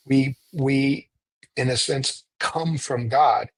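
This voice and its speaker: A priest leading a retreat, explaining prayer in a conversational, animated storytelling way and often checking in with "right?". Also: male voice, mid-range voice, takes it slowly, slightly rough, dry recording, poor audio. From United States. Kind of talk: conversational teaching.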